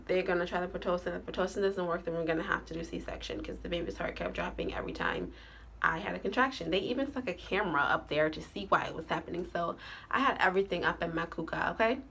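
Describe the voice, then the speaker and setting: A woman's voice: fairly low pitch, lively intonation, quick pace, gravelly, a bit bright, breathy edge. A woman vlogger telling a story to her viewers in a chatty, casual way, full of fillers and "like".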